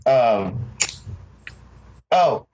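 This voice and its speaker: Man, sarcastic podcast co-host, rambling and swearing, muffled lo-fi audio, faint background hiss. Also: mid-range voice. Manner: sarcastic, rambling, swears often, laughs a lot. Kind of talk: casual profane movie-review chat. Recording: slightly dull lo-fi sound with faint noise.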